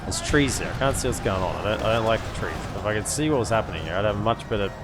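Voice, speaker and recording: A man chatting casually through a live strategy game stream, repeating himself and barking orders at his units. His voice sits somewhat low. Game music plays clearly in the background. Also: animated, racing. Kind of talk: casual live gameplay commentary.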